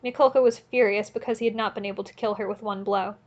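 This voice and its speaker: A woman narrating an audiobook in a steady, earnest reading voice, now and then correcting a slip. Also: medium pitch, fast, highs cut off. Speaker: audiobook reader.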